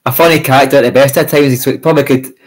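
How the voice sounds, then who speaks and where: A Scottish man hosting a podcast, chatting and asking questions in a relaxed, friendly way. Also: mid-range voice, very fast, rough recording. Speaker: podcast host. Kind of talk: interview chat.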